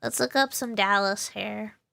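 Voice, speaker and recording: Speaking a little slowly with vocal fry, this Texan-accented woman has a medium-pitched voice that comes across pushed and bright. She's a VTuber streaming live, laughing often, answering chat, starting sentences over, her nose a bit congested.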